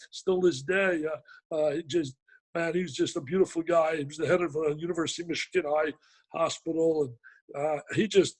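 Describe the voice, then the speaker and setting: An older man and sportscaster, a guest telling a personal story in an interview, animated and often repeating himself as he goes. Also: sits high, poor audio. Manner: animated, repeats and restarts phrases.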